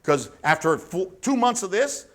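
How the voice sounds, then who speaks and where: A man's voice: sits high, moderate pace. A man teaching personal trainers in a seminar, talking bluntly and acting out little sales conversations with clients. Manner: blunt, energetic, acts out sales dialogues. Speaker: fitness coach instructor.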